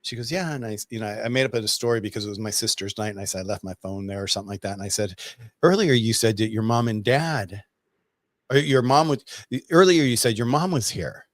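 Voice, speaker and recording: A man's voice: fairly low pitch, quick pace, no echo. Male storyteller, casual and rambling, many restarts, dry close sound.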